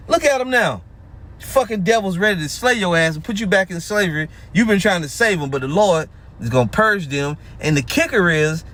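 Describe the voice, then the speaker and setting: A man preaching in a combative, taunting way, slowing down whenever he reads scripture aloud. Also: high voice, rough recording. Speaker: street preacher.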